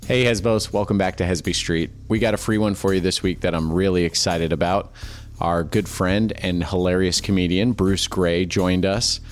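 A man's voice: deep voice, fairly even intonation, normal speed, faint music behind. A man hosting a casual podcast, chatty and laid-back, telling stories with lots of fillers. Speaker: podcast host.

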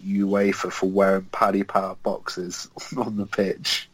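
A man with a fairly low voice talks as a guest on a casual football podcast. He is laid-back and gives blunt opinions. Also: little pitch movement, measured pace, a bit bright, poor audio.

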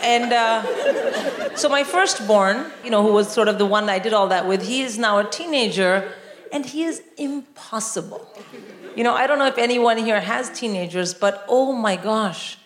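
A middle-aged woman from India doing animated live stand-up comedy, often shouting and mimicking voices. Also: on the high side, normal speed. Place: large live venue with audience. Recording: echoey hall, loud crowd laughter.

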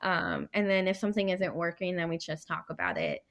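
A woman's voice: on the low side, steady tone, a little fast, creaky. A young woman in her twenties, a medical student guest, chatting casually with many fillers and acting out quoted remarks. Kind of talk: casual conversation.

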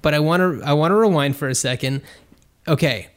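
A man's voice: fairly high pitch, brisk. A man co-hosting a podcast, rambling and thinking aloud in casual chat, with lots of fillers. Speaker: podcast co-host.

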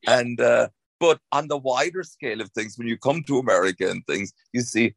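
A man's voice: mid-range voice, animated, a little fast, gravelly, no room sound. An Irish man, an actor, chatting in an interview, rambling with many restarts. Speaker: actor, guest. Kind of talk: casual interview chat.

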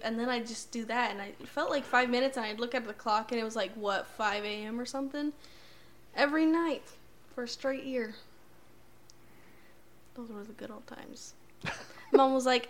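A young woman chatting casually with family about a childhood memory, animated and laughing, with lots of "like". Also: fairly high pitch, moderate pace, a little hiss or hum. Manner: animated, fillers like "like", laughs often. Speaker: grown daughter recalling childhood.

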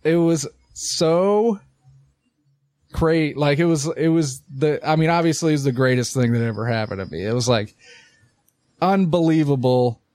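A young man co-hosting a podcast, telling an animated story in casual chat and swearing a lot. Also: mid-range voice, fairly quick, no room sound, clean studio sound. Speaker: podcast co-host.

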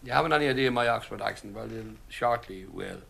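A man's voice: mid-range voice, fast talker, creaky, a bit bright. A man singing a comic ballad with spoken asides, putting on a mock posh upper-class English accent. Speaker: singer.

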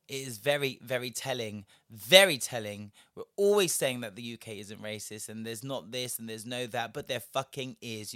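A man's voice: medium pitch, no room sound, clean studio sound. A young man, delivering a profane, sarcastic ranting commentary as a vlogger. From Britain. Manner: profane, sarcastic, shifting loudness.

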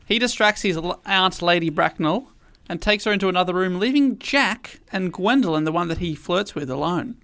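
A man co-hosting a podcast, retelling a play in casual chat with animated bursts. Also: sits high, moderate pace. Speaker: podcast co-host summarizing a play.

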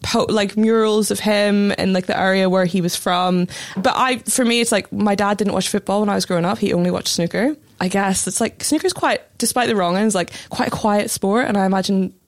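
A Northern Irish woman talking as a guest, loose and giggly, her sentences full of fillers. Her voice has a gravelly fry, and the recording is dry and close. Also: medium pitch, a little fast, few pauses, dry recording. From Northern Ireland. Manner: laughing, many "like" fillers. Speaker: guest, journalist. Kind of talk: casual chat.

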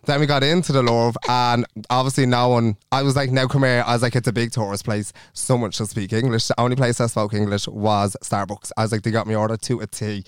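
Young Irish male podcast co-host, rapid animated storyteller, clean voice. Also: medium pitch, smooth, dry recording. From Ireland. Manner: animated, swearing, acts out quotes. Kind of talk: casual chat, storytelling.

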